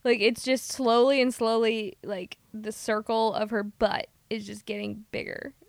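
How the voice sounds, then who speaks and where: Ranting high-voiced woman podcast host. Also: level tone, creaky, dry recording. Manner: ranting, sarcastic, fast bursts. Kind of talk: casual movie review chat.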